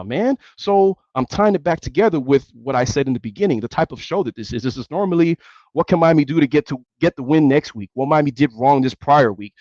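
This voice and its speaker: A man's voice: mid-range voice, a little mellow, no room sound, dull audio. Angry male sports talk host. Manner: angry, emphatic, repetitive. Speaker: sports radio show host. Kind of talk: heated sports talk rant.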